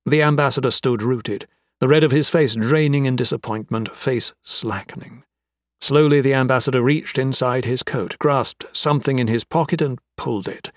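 A man reads a fantasy novel aloud in a measured, dramatic audiobook style. His voice sits at an ordinary middle pitch, and the recording is dry and close with no room sound. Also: no echo. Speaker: narrator. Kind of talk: audiobook narration.

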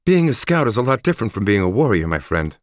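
A man's voice: lowish voice, sing-song, quick pace, dry recording, studio quality, voice pushed up. A man reading an audiobook and voicing a young female scout who talks in a confident, instructive way. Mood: brisk. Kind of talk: audiobook character voice.

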